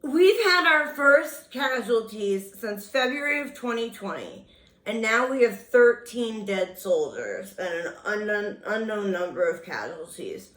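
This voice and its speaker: A woman's voice: medium pitch, expressive, a little slow, fairly bright tone. A woman delivering a sarcastic, scathing political rant as a vlogger. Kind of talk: ranting political monologue. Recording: roomy echo.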